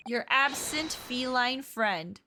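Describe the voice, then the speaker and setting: A woman voicing a pompous gentleman detective who declaims grandly over game music. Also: high voice, lively intonation, slow, background noise. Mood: accusing.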